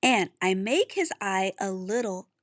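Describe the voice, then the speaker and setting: A woman's voice: mid-range voice, lively intonation, unhurried, dry recording. Woman, teacher, patient, sounds out letters, handwriting lesson, dry close sound. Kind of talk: handwriting lesson for young children.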